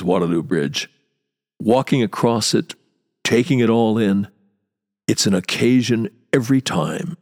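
A man with a low voice tells a history tale in a dramatic, wry way, leaning on pauses for effect. His voice carries a long reverb tail. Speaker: podcast host. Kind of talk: storytelling history narration.

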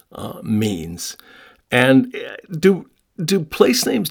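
A man who guides walking tours, giving a short evening talk, speaking haltingly with many uhs and restarts and spelling words out. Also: medium pitch, vocal fry, a little mellow. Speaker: London walking tour guide. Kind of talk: short nightly talk on place names.

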